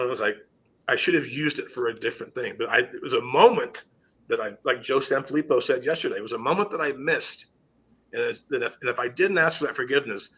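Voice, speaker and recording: Earnest husky-voiced man telling a story. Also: medium pitch, fairly bright tone. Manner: earnest, with frequent restarts and trailing asides. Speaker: teacher and podcast guest. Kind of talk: conversational storytelling.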